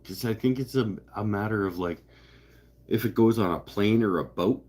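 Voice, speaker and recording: A man's voice: on the low side, normal speed, a little mellow, breathy edge. A man hosting a live stream, chatting casually and joking as he rambles through viewer comments. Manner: rambling, joking, self-interrupting. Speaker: livestream host.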